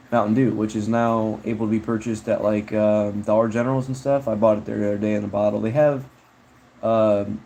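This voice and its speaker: A man's voice: on the low side, vocal fry, a little mellow, slight background noise, low-quality recording. A man chatting casually on a livestream, reading chat in a rambling, slangy way with frequent laughs.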